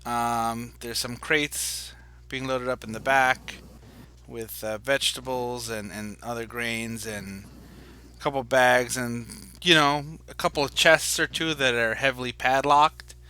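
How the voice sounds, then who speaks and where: Man dm-ing a tabletop game, slow and halting, bright voice. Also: medium pitch, fairly even intonation, a little hiss or hum. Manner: halting, full of fillers and restarts. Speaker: game master.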